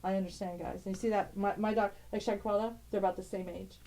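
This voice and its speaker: Middle-aged woman vlogger, warm mellow tone, rambling, tender, quick to laugh. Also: mid-range voice, steady tone, rough recording. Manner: rambling, tender, laughs often, broken-off sentences. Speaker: tarot channel host. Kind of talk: casual emotional vlog, showing family photos.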